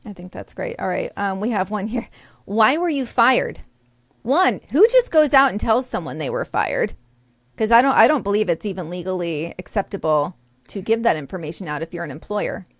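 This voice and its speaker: An upbeat woman with a middle-pitched voice, recorded close and dry with no room sound. She co-hosts a casual podcast, leads with questions and laughs readily. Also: sing-song, moderate pace, dry recording. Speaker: podcast co-host.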